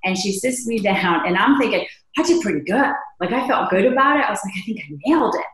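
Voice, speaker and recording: Woman guest on a podcast, lively storyteller who acts out quotes, recorded in a roomy space. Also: medium pitch, fast talker. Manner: animated, acts out quoted dialogue. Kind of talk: conversational storytelling. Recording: echoey room.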